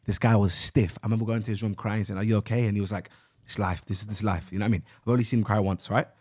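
A young man spins a heartfelt story with a fairly low voice, animated and full of street slang. He talks casually, as if to close friends across a podcast table. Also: rapid-fire, breathy edge. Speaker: podcast co-host.

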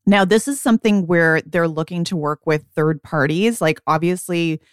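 A woman in her forties, co-hosting a podcast as a beauty editor, chatting casually and often quoting herself in quick asides. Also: fairly low pitch, steady tone, clean tone, dry recording, clean studio sound. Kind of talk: casual chat.

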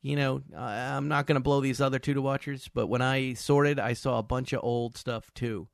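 A man hosting a podcast, chatting casually and reading sponsor ads with lively energy. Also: medium pitch, normal speed, gravelly, dry recording, clean studio sound. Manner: chatty, animated, laughs often. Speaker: podcast host. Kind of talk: casual chat with sponsor read. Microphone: video call.

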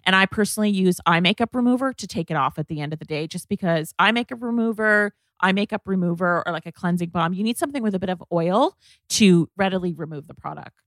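Woman, podcast host, chatty and casual, slightly low voice, dry close recording. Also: expressive, fast talker, a bit bright, no echo. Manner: chatty, filler-heavy product talk.

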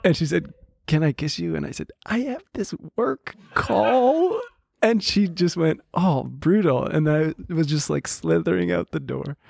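A man with a slightly high voice chats casually on a podcast and winds through long stories. He acts out what everyone said. The sound is close and dry, with no room echo. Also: animated, moderate pace, gravelly, darkish tone. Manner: rambling storyteller, acts out quotes. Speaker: podcast co-host. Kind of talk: casual chat.

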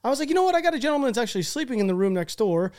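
High-voiced guy, talks fast, swears, self-mocking podcast host. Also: big pitch swings, darkish tone. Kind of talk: casual conversation. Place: small room in a house.

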